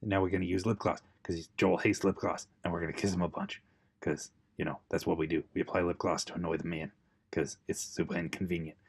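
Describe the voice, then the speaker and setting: A man's voice: sits low, fairly even intonation, fast, creaky, slightly rough. A young man improvising a sarcastic, rambling voice-over for his wife's makeup video, with mock-tutorial asides.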